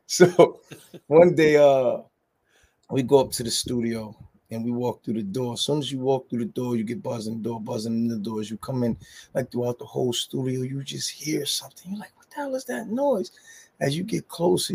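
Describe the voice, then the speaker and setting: A man's voice: mid-range voice, creaky, darkish tone, breathy edge. Joking New man telling stories. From New Jersey. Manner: loose and joking, storytelling, with slang and restarts. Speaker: music label head. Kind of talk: casual interview talk.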